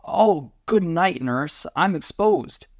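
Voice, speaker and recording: A frantic male alien dog-man, as a man puts him on, firing off shrill, high-pitched questions. The storybook voice sits well above the reader's own, close and dry with no room sound. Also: big pitch swings, a little fast, creaky, no echo, exaggerated voice. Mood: flustered.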